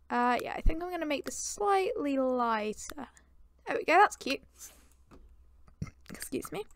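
A woman's voice: sits high, vocal fry, pushed and bright, no room sound, studio quality. A British woman giving chatty, rambling commentary on her life-sim game and talking to the characters. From Britain. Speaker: gameplay commentator.

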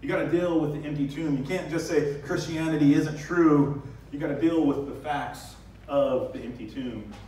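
A male pastor giving a lively sermon, acting out the scenes with sudden high bursts. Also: normal speed. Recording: very echoey church hall, distant mic.

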